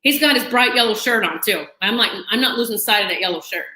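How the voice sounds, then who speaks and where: Animated woman telling a story in an echoey room. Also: medium pitch, fast talker. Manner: animated, chatty, dramatic retelling with asides and laughs. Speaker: channel host. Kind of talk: personal storytelling to camera.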